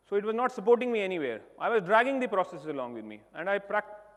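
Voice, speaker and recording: High-voiced Indian man telling a story on stage. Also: very animated, fast talker, hardly any pauses. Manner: emphatic storytelling, swings between loud and soft. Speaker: keynote speaker. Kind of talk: motivational stage talk. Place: large hall on stage. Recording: long reverb of a large hall.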